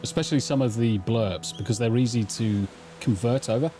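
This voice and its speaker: A mellow, middle-pitched English man chatting his way through a live game stream. He rambles and swears casually into a desk mic, with faint music playing in the background. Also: brisk. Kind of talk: casual live gameplay chat. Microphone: desk mic through a mixer.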